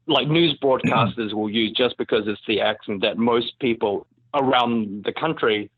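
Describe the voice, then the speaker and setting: NZ-accented male actor, podcast guest, lively and chatty, thin phone-quality sound. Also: medium pitch, normal speed, dry recording. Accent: New Zealand. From New Zealand. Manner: animated, laughs often, many fillers. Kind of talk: casual podcast interview. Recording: dry, phone-like remote call audio.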